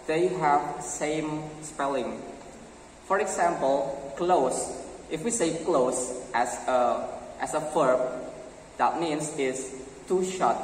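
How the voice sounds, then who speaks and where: A young man with an Indonesian accent presenting a pronunciation lesson to his class, halting and full of fillers. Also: mid-range voice, slight background noise. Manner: slow, halting, with many fillers. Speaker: student presenter. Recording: roomy echo from far off.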